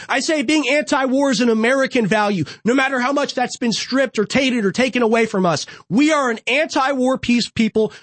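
A man's voice: very high-pitched, a bit bright, no room sound. A young man hosting a political show from a studio, delivering an impassioned, ranting monologue full of repeated rhetorical build-ups. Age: young adult. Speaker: political podcast host.

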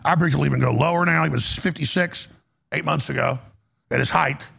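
A man's voice: fairly high pitch, fairly quick, vocal fry, fairly bright tone, breathy edge. A man hosting a political commentary show, heated and emphatic, often restarting his sentences.

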